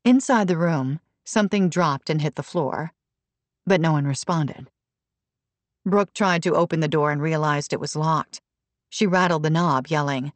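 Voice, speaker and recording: A woman reading a novel aloud in steady, even scripted narration at a close mic. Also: low-pitched, moderate pace, no room sound. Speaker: audiobook narrator.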